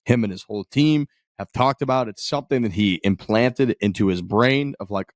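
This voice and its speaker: Excitable, profane podcast guy. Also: lowish voice, moderate pace, no echo, clean studio sound. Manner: excited, profane, rambling analysis. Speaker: golf podcast co-host. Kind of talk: casual chat.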